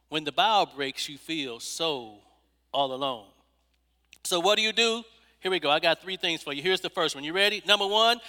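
Bright high-voiced preacher in a hall. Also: male voice, smooth. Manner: rhythmic, repetitive preaching cadence. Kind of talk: sermon.

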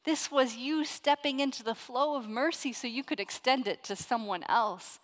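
Soft tender parable king, sad and pleading, a woman preacher doing him, highish voice, big echoey hall. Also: moderate pace, natural voice. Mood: sorrowful tender. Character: sorrowful merciful male king from a parable.

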